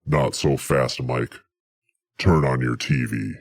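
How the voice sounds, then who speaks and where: A man's voice: a bass voice, steady tone, slow, no room sound, clean studio sound, voice pushed down, full character voice. A man voicing a menacing, smug male gang boss who cackles and threatens over the phone.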